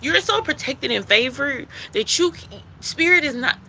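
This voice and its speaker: A woman delivers a spiritual tarot reading in a gravelly voice with a sharp, bright edge. She is emphatic and loops back over her phrases, swears casually, and soothes the listener by calling them baby, with a faint hiss of noise behind her. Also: high-pitched, animated, unhurried, rough recording. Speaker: intuitive card reader.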